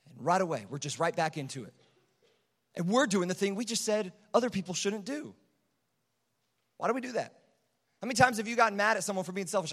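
A man's voice: sits high, fairly quick, long pauses. A man preaching a sermon to a youth group, telling vivid stories, acting out quotes and repeating phrases for emphasis. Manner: animated storytelling, acts out quotes, repeats phrases. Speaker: youth pastor. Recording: long hall reverb.

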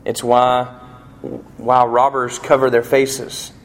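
A man's voice: mid-range voice, level tone, slow. A man preaching a sermon in a folksy, conversational storytelling manner. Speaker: pastor.

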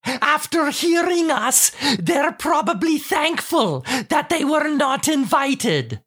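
A woman's voice: sits high, sing-song, slow, fairly bright tone, full character voice. A woman playing a sarcastic, teasing wife in a scripted comedy sketch, tossing off dry, mocking put-downs. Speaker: co-host of a comedy show.

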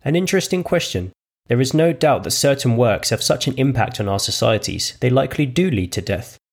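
A prim, know-it-all young woman, as a man reading the story puts her on. She talks down in measured, patronising phrases. Her raised voice keeps a husky, gravelly texture. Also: mid-range voice, expressive. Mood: condescending. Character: prim condescending young woman, clever and smug.

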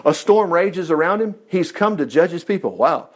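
A man's voice: sits high, normal speed. A man leading an informal Bible study, folksy and chuckling as he talks. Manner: folksy, animated, chuckles often. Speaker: Bible teacher.

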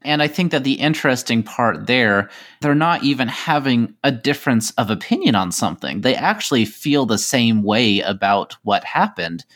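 A man's voice: mid-range voice, animated, moderate pace, fairly bright tone. Thoughtful man podcast co-host. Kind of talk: conversational podcast talk.

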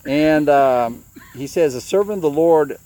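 A man's voice: a little high, unhurried, dark tone. A man giving a conversational sermon, retelling scripture in plain everyday words and acting out the quoted dialogue. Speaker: preacher.

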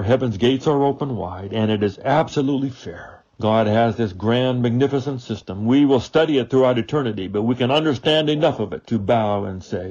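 A man hosting a daily devotional sermon, earnest and full of rhetorical questions, swinging from loud to hushed. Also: medium pitch, fairly quick, hardly any pauses, lo-fi sound. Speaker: preacher and radio show host.

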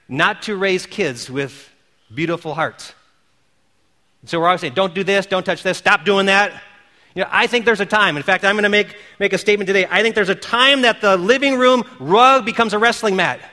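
A man preaching a sermon, telling stories in an animated way and calling out quoted cheers. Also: sits high, in a large hall. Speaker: pastor. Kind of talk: sermon with storytelling.

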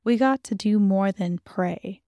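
A woman voicing a blunt, suspicious, outspoken middle-aged neighbor who talks in a sharp, preachy way. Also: medium pitch, measured pace, no room sound, highs cut off, close to an everyday voice. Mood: indignant.

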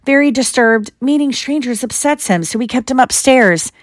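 A woman's voice: fairly high pitch, animated, moderate pace, dry recording, clean studio sound, voice pushed up, natural voice. A woman putting on a menacing middle-aged uncle from a storybook who snarls his threats through gritted teeth. He is bullying and blustering, his voice pushed up above hers.

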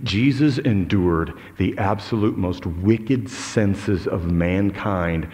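A man preaching a sermon with passion, moving between loud outbursts and low, intense tones. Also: slow, big-room sound. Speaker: pastor.

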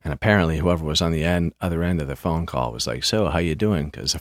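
A man hosting a podcast, telling a story casually in a halting way, often repeating words, with dry understatement. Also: deep voice, no echo. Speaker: podcast host.

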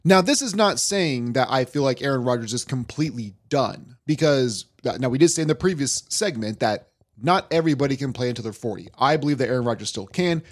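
A man hosting a sports talk podcast, ranting in a worked-up, animated way. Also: mid-range voice, a little fast. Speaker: podcast host.

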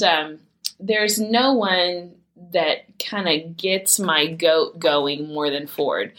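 A mother of teens in her forties talks casually about parenting and prayer, telling candid stories with laughs and acted-out quotes. Her voice is on the low side, bright and forceful.

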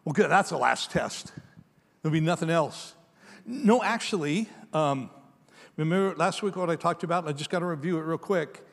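Male pastor, slightly high voice, conversational sermon, long hall reverb. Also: normal speed, creaky. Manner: conversational storytelling, swinging between emphatic and hushed.

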